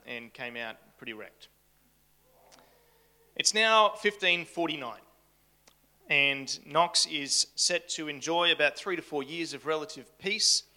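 A man's voice: on the high side, sharp tone. A man giving a casual history talk to a live audience in a room, chatty and full of joking asides. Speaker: camp speaker.

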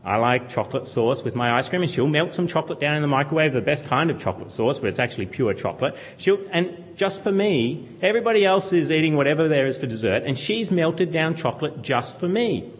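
A man's voice: a little high, lively intonation, fast, few pauses. A man preaching a sermon, teaching earnestly and asking his listeners questions as he goes. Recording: long hall reverb.

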